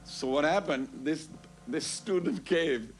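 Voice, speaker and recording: A man tells a story at a temple Sunday program, animated and full of "you know", quoting others back and forth. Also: on the high side, slow, faint music behind. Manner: animated, quotes others in dialogue, frequent "you know" and "I goes". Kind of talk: casual storytelling announcement. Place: temple hall.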